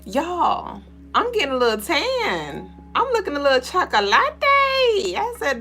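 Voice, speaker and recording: A woman's voice: high-pitched, sing-song, slow pace, vocal fry, pushed and bright, soft background music. A young woman hosting a spiritual livestream, reading out viewer comments and greeting people by name in loose, playful chat, swearing freely and laughing often.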